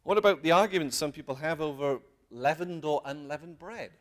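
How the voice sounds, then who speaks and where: Speaking fairly quickly at a fairly high pitch, a lay preacher addresses his congregation in a meeting hall with heartfelt conviction. Questions punctuate his sermon, and he pushes his points with emphatic rises in tone.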